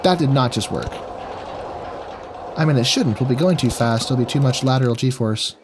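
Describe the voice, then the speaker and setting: A man's voice: medium pitch, moderate pace, noisy background. A man giving casual gameplay commentary, thinking aloud as he works out his build. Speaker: gaming video creator.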